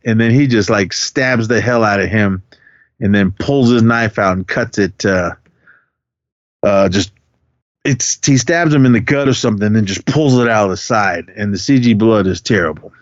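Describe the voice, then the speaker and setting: A man co-hosting a podcast rambles through a film recap in casual conversation, laughing a lot and filling gaps with "uh." His voice is fairly low and moderately paced, captured in a dry, dull lo-fi recording.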